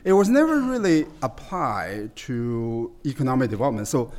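A man as guest expert, explaining at length in a conversational interview, halting with many fillers and restarts. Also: medium pitch, sing-song, darkish tone.

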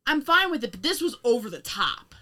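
A woman's voice: on the high side, big pitch swings, a little fast, bright, forceful tone. A young woman co-hosting a casual film review chat, rambling, laughing often and swearing with sarcastic asides. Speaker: podcast co-host.

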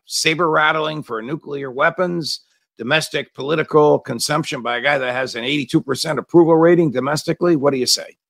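A man's voice: mid-range voice, brisk, creaky, a bit bright, dry recording. A man hosting a talk show interview, asking pointed, opinionated questions. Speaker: host.

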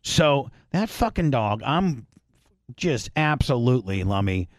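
A man hosting a podcast, telling a long rambling story in casual chat, swearing freely and clearing his throat often. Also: medium pitch, very animated, a little slow, no room sound, studio quality. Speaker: podcast host.

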